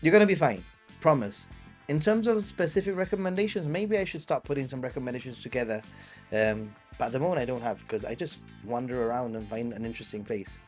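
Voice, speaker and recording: A man's voice: medium pitch, fast talker. Chatty Gibraltarian man, faint music behind. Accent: Gibraltarian English. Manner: chatty, reads viewer questions and answers them off the cuff. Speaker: travel channel host. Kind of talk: live-stream Q&A.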